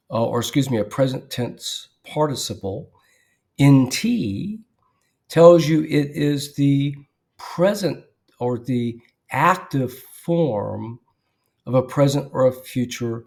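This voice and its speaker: A man teaching verse by verse in a methodical way, pausing to spell out letters and often clearing his throat mid-sentence. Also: mid-range voice, darkish tone.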